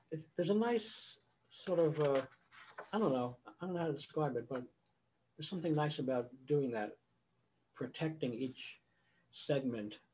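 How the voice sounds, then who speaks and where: A man's voice: medium pitch, darkish tone, breathy edge. An older man, a choral conductor, giving a conversational lecture over a video call and breaking into sung example phrases. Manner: conversational, sings example phrases mid-explanation.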